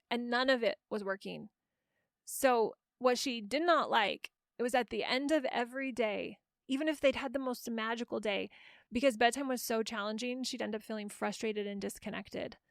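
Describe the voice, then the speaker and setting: A woman's voice: on the high side, creaky, no room sound, clean studio sound. A middle-aged woman hosting a parenting podcast, explaining her method in an encouraging coaching tone with frequent restarts. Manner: warm coaching tone with many restarts. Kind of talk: solo podcast teaching.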